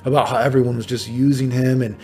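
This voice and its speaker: Guy telling an old gaming story, swears constantly, says dude a lot, mellow darkish voice, faint music behind. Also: mid-range voice, fast. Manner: profane, animated, full of fillers like "dude" and "right?"; acts out quoted exchanges in raised, exasperated bursts. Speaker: fighting game player telling tournament stories. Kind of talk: casual storytelling.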